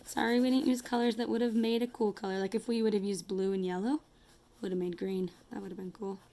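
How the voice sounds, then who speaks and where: A woman's voice: medium pitch, steady tone, fast talker, mellow. A woman teacher talking children through a math lesson as she draws, chatty and apologetic, counting aloud as she goes. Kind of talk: casual math lesson to kids.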